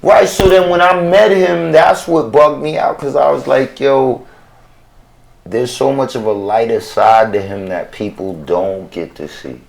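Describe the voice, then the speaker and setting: A man in a casual chat telling animated, profane stories in heavy slang. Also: medium pitch, unhurried, gravelly, slight background noise. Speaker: guest rapper.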